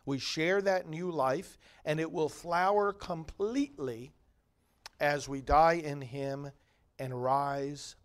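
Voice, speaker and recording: A male priest giving liturgical readings and a homily in a measured, solemn way with long pauses. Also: on the high side, steady tone.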